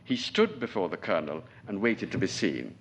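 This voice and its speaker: Man in his forties reading fiction, lively intonation. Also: deep voice, normal speed, a little hiss or hum. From Trinidad. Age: 40s. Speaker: novelist. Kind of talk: reading his own fiction aloud at a lecture.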